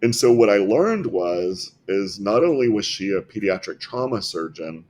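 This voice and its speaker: A man with a very low voice and faint hiss behind him tells patient stories as a guest. He is earnest and often repeats a word before going on. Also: sing-song, normal speed, darkish tone. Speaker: health clinic founder, interview guest. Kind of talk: storytelling in a podcast interview.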